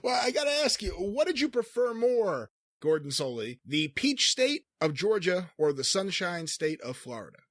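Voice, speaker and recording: A man hosting a comedy podcast, asking playful deadpan questions. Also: high voice, moderate pace, no echo. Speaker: podcast host.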